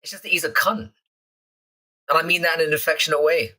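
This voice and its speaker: A young man from London talks off the cuff to his live chat, swearing freely and ribbing the regulars. His tone is bright and forward, with a casual, unscripted flow. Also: on the high side, fairly even intonation, fast talker. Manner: crude, swearing, teasing chat readers. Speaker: live stream host.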